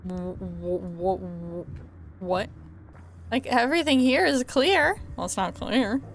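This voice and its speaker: A woman giving casual let's play commentary, chatty and laughing, often yelling profanities at characters. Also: mid-range voice, expressive, slow, a little hiss or hum. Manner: profane, yells at game characters. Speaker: gamer.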